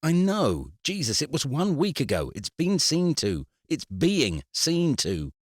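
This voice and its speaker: A man's voice: fairly low pitch, big pitch swings, normal speed, dry recording, studio quality, voice pushed up. A man voicing a harried, exasperated man in his middle years, with a strained, pleading voice. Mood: furious.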